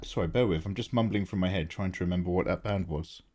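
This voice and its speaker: A man's voice: deep voice, quick pace, few pauses, darkish tone. A man chatting casually on a live stream while he draws, thinking aloud and greeting viewers by name. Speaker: livestreaming artist.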